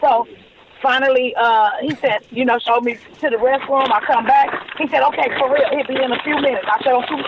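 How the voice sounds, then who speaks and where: A woman's voice: sits high, fairly quick, noisy background. A woman in her forties, a podcast guest telling stories animatedly and acting out the dialogue. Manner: animated storyteller who acts out quoted dialogue. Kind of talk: storytelling in a podcast interview. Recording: dull lo-fi recording.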